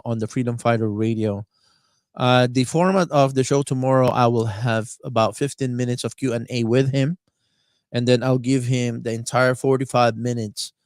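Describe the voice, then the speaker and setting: Male internet radio host, mid-pitched, dry close mic, rambling and halting delivery. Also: clear, resonant tone, no room sound. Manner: halting, many fillers and word searches. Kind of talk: live-stream monologue.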